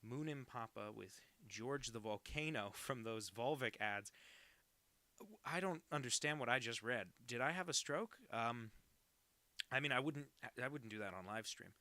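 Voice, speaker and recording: Young guy cartoonist on a live stream, gravelly bright voice, joking thru chat, dry home mic. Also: medium pitch, animated, normal speed, no room sound. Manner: jokey, reads chat messages aloud. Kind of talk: casual livestream chat while drawing. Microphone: home setup, no professional mic.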